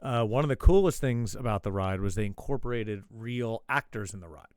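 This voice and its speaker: A man's voice: lowish voice, animated, fairly quick, a little mellow, smooth, no room sound. A man hosting his own show, telling a rambling, profane story in casual chat. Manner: swears a lot, rambling asides. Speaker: show host.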